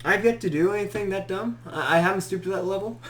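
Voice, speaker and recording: There's a faint hiss or hum behind this fast, high-sitting male voice. A young podcast host, he tells a story in a relaxed, chatty way, animatedly performing quotes and laughing frequently.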